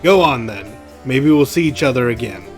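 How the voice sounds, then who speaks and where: A man's voice: mid-range voice, lively intonation, normal speed, faint music behind, close to an everyday voice. A man reading aloud as a gloomy, guilt-ridden disgraced male crusader in a video game, in a weary, heavy tone. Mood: morose.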